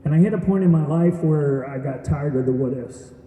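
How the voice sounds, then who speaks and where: A man tells his story earnestly, turning to the audience with questions. His voice is dark and mellow, and it carries a long reverb from a large hall, picked up from far off the mic. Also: a little high, a little fast. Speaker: graduation speaker. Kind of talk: testimonial speech. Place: event hall.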